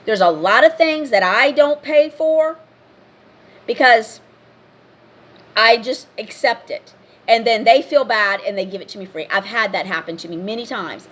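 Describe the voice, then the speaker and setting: A woman's voice: fairly high pitch, a bit bright. Blunt, scolding woman ranting to camera. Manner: blunt and scolding, repeating herself. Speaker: vlogger. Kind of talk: casual rant to camera.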